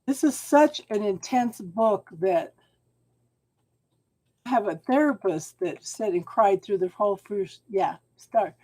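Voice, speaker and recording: A middle-aged woman, hosting a live tarot reading and advising viewers in a warm, encouraging way, calling them hon. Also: mid-range voice, expressive, takes it slowly. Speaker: tarot reader and channel host.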